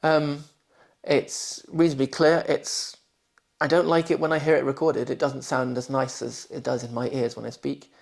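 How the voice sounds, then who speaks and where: A man in his forties speaks with a posh southern English accent and a faint gravelly rasp. He pronounces every word with deliberate clarity, whether reading test sentences or answering interview questions. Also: medium pitch, flat delivery. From London, England. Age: 40s. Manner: careful, clearly pronounced speech.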